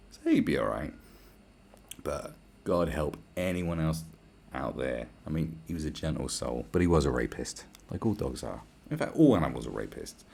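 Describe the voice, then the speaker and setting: A man with a very deep, gravelly voice rants alone on his podcast, crude and blunt. His talk rambles and turns sarcastic. A faint hiss of noise sits under the voice. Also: darkish tone. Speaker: podcast host. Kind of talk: profane solo rant.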